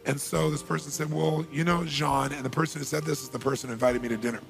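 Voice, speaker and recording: A man giving a motivational talk, telling a story with animated, rising bursts. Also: mid-range voice, racing, gravelly, music in the background. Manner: animated, builds to loud bursts. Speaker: motivational speaker.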